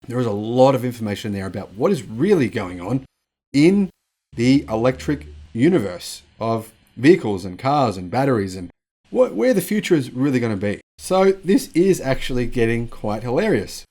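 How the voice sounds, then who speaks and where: A man's voice: mid-range voice, very animated, normal speed, darkish tone. A man hosting a news commentary vlog, chatty and sarcastic as he reacts to the news. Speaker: channel host.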